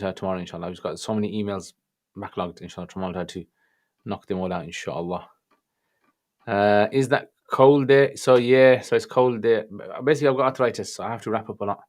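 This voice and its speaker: A man's voice: on the low side, fairly even intonation, brisk. Chatty Birmingham-accented man hosting a livestream. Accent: Birmingham English. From England. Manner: chatty, greets viewers warmly by name, mixes in Arabic phrases. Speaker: livestream Q&A host answering religious questions. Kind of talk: casual livestream chat reading viewer questions.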